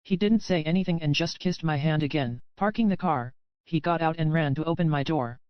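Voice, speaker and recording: A man with a fairly high, smooth voice reads a first-person romance story aloud at an even, measured pace. The sound is dull and muffled, with no room around it. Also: no echo. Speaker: audiobook narrator. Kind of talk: scripted first-person narration.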